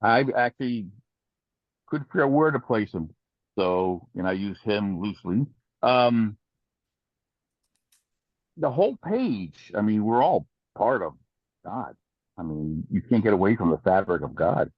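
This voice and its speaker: A man's voice: on the low side, animated, measured pace, long pauses, no echo. A man in a class, answering hesitantly and searching for words. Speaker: class participant. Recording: dry, dull lo-fi sound.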